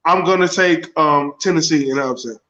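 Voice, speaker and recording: A man's voice: a little high, brisk, sharp tone, highs cut off. A man co-hosting a casual sports podcast, brashly rattling off his picks and swearing freely. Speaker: podcast co-host.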